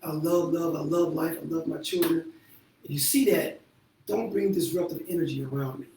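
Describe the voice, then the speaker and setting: A man with a high-pitched voice talks bluntly and crudely about relationships, laughing often. He is a therapist hosting his own show. The recording picks him up from a distance in a very echoey room with faint background noise. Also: normal speed, dark tone. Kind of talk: candid casual talk.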